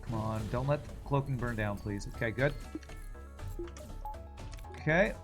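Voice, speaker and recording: A man's voice: mid-range voice, measured pace. Casual gaming streamer man, faint music. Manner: casual, chatty, swears and laughs easily. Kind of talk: live gameplay commentary.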